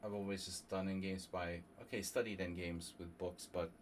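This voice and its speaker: A man from New Jersey streaming a chess simul, thinking aloud in a halting, casual way and coughing now and then. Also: low voice, level tone, slight background noise. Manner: halting, muttering through chess moves with fillers.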